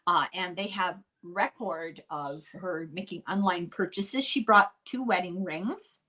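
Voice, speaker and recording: An older woman hosting a podcast, telling a true-crime story in a chatty, unhurried way with dry asides. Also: lowish voice, sharp tone. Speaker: podcast host.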